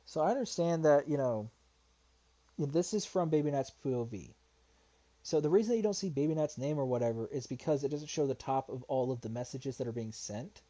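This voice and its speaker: Guy on a stream explaining stuff, rambly and annoyed, kinda mutters and swears, mellow voice. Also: medium pitch, lively intonation, brisk, highs cut off. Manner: rambling, frustrated, swears, mutters while searching. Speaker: YouTuber streaming a response video. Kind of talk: casual livestream commentary.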